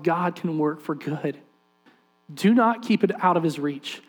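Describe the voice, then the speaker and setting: Animated man telling a sermon story. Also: a little high. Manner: animated storyteller acting out quoted voices. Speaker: preacher.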